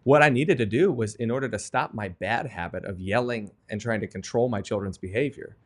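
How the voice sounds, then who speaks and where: A man in his thirties, a guest author telling parenting stories in an earnest, animated way during a podcast interview. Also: on the low side, fairly quick. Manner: earnest, animated storytelling with laughs.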